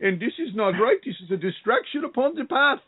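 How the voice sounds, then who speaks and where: A man's voice: very high voice, big pitch swings, fairly quick, husky, pitched above the performer's own voice, exaggerated voice. A man voicing a stern male Indian guru, with an Indian accent, lecturing disapprovingly over a tinny phone line.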